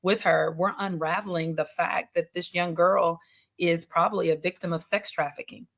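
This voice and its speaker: A middle-aged woman judge telling stories in a casual interview, animated and acting out what people said. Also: on the low side, moderate pace, gravelly. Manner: animated storyteller, laughs often, acts out quotes.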